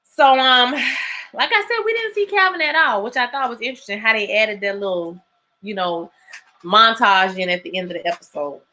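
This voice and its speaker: A bright, slightly high-voiced woman, hosting a live recap. She tells the episode like a story to friends, acting out the characters' lines in loud, slangy bursts and laughing often. The talk stays casual and lively throughout. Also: normal speed. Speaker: TV recap host.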